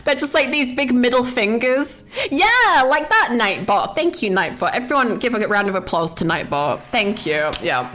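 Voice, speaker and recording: A woman's voice: medium pitch, animated, normal speed, hardly any pauses, a bit bright. Giggly, rambling young woman. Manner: rambling, giggly, swears freely. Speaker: streamer reviewing a film. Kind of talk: casual stream chat.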